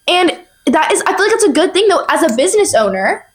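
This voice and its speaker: Young woman, podcast host, high voice, bubbly, giggly, casual chat. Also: very animated. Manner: bubbly and giggly, quick to jump in.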